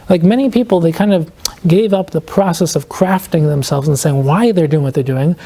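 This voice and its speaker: A man, an author guesting on a podcast, explaining his ideas earnestly and reflectively, slowing down to stress key points. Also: a little high, warm tone. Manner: fills speech with "like" and quoted inner questions.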